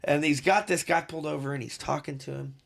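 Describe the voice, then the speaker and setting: A man co-hosting a podcast, telling stories in a casual, animated way. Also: on the high side, quick pace, creaky. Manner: animated storyteller who acts out quoted voices. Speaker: podcast co-host. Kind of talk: casual storytelling chat.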